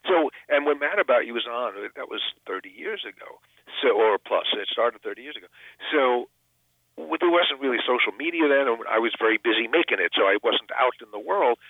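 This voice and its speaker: A man's voice: medium pitch, expressive, a little fast, no room sound. An older man, an actor and comedian, chatting in a phone interview, self-deprecating and full of restarts. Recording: tinny phone line.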